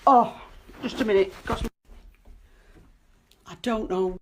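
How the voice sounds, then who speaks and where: A frightened woman, filming herself alone in a dark house at night, pleading and swearing under her breath. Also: medium pitch, slow, a little hiss or hum. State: scared. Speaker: cleaner alone in a supposedly haunted house. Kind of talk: filming herself, talking to viewers and to a ghost.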